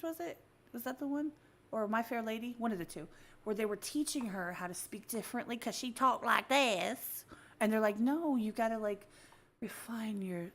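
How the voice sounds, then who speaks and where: A woman hosting a casual, unscripted podcast chat, talkative and quick to laugh as she explains things at length. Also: a little high. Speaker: podcast host.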